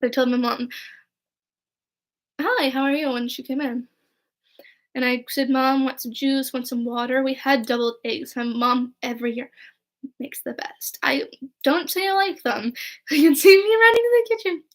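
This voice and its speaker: Young woman, high voice, casual storytelling, rambling, chatty, quotes dialogue. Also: fairly even intonation, moderate pace, pauses often. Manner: chatty and rambling, with frequent "like" and "right?"; quotes people in dialogue while telling stories. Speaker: vlogger.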